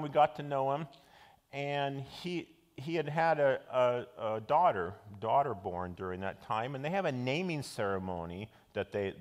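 A middle-aged male pastor giving a conversational sermon, with frequent fillers and restarts. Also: mid-range voice. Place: church. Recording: long church hall reverb.

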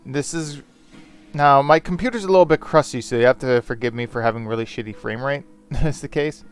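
A man's voice: mid-range voice, a little fast, clear, resonant tone, faint music behind. A man on a headset mic, rambling through casual let's-play commentary with self-deprecating jokes and casual swearing. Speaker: gaming channel host.

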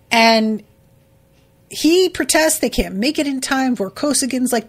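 A woman's voice: fairly high pitch, animated, normal speed, husky. A woman hosting a book podcast, losing her voice, talking bluntly and profanely about what she reads. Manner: blunt, profane, exasperated commentary. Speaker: podcast host. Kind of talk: casual book-discussion podcast.

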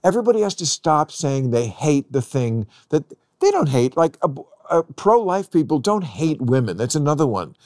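A man hosting a casual talk podcast, blunt and profane, getting louder as he argues his points. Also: fairly high pitch, very animated, moderate pace, few pauses, no room sound, clean studio sound. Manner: blunt, profane, rising to yelling when worked up. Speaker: podcast host. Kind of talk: casual chat.

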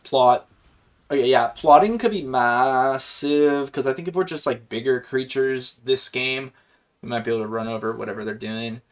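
A man hosting a gaming video, giving casual live commentary on his own play in a chatty, slangy and excitable way, thinking out loud. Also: medium pitch, moderate pace.

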